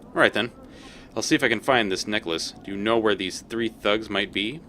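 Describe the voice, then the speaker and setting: Bright-voiced man streaming a game. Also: fairly low pitch, moderate pace, a little hiss or hum. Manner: reads game text aloud, exclaims. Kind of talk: live game playthrough, reading aloud.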